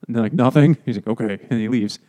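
A man's voice: lowish voice, little pitch movement, dark tone. A man on a casual podcast, joking and trading puns while talking about a book. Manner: joking, quick asides and puns. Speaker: podcast co-host. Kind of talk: casual chat.

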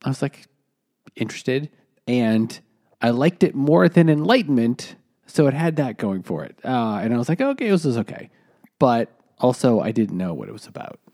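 A man's voice: mid-range voice, very animated, normal speed, warm tone. A man in a book club discussion, talking wryly and with a self-deprecating tone. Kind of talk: casual chat.

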